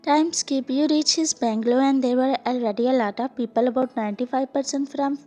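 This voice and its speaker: A woman narrating a fan fiction story in second person, reading in a plain, steady way. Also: sits high, quick pace, faint music behind.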